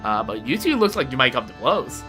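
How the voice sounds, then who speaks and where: A woman voicing a tiny, excitable fairy companion in a chirpy, nervous manner, reading game dialogue aloud. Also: a bass voice, a little fast, music in the background.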